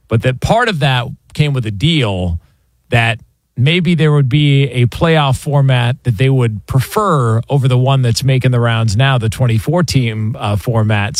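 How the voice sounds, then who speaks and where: A man with a mid-range voice hosts a sports radio show. He moves the segment along briskly. The studio sound is dry and close. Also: mid-range voice, no echo. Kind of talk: radio hosting and ad reading.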